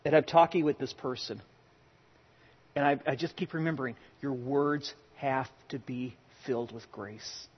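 Husky-voiced pastor preaching in a hall. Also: male voice, medium pitch, steady tone, normal speed, dull audio. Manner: conversational preaching with personal anecdotes, swings from loud to hushed. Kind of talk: sermon.

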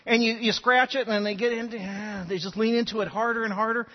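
A pastor preaches a sermon through animated storytelling, often repeating words as he starts his sentences. His voice is high and quick, and the lo-fi recording carries the sound of a large room.

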